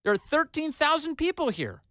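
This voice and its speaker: A man's voice: very high-pitched, sing-song, normal speed, pushed and bright, dry recording, studio quality. A man hosting a talk radio show, delivering an emphatic, sarcastic opinion monologue.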